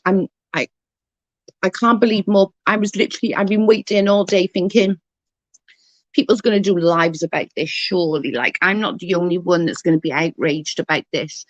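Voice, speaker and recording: A woman's voice: on the low side, moderate pace, dry recording, highs cut off. A woman ranting in outrage on a live stream, answering chat as she goes.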